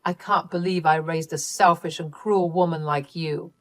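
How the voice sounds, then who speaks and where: A woman's voice: low-pitched, fairly even intonation, moderate pace, dry recording, close to an everyday voice. A woman voicing a stern, disappointed middle-aged mother in a read-aloud story. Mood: disgusted.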